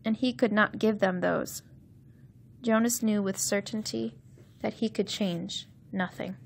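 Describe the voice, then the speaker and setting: A woman narrating a novel chapter slowly and clearly for English learners. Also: mid-range voice, fairly even intonation. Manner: slow, clear, carefully enunciated reading. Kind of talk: scripted audiobook narration.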